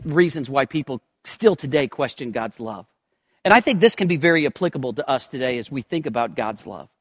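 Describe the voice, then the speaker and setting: A man preaching a sermon, moving from quiet low asides to loud, impassioned quoted prayers. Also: in a large hall. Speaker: pastor.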